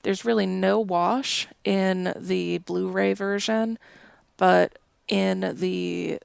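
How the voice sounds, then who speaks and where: A woman co-hosts a podcast with a strongly gravelly, fry-laden voice. She talks slowly and thoughtfully in casual conversation, recorded dry and close. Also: medium pitch, steady tone, dry recording. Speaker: podcast co-host. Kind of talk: casual chat.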